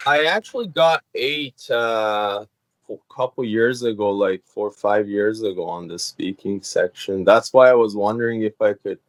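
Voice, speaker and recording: A man with a fairly low voice speaks as a test candidate in a feedback session. He sounds tentative and hesitant. His voice is a little away from the mic, in a dry setting. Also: moderate pace, dry recording, poor audio. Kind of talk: casual reply in a feedback session.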